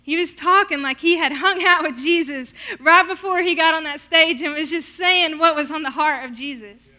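High bright woman telling her testimony. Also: moderate pace. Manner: animated storytelling, acting out her past self in quotes. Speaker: speaker sharing a testimony. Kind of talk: personal faith testimony.

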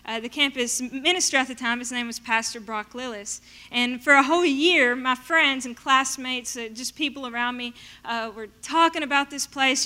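A woman telling her personal faith testimony in an animated storytelling way. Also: high voice, normal speed, few pauses. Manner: animated storytelling, acting out her past self in quotes. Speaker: speaker sharing a testimony.

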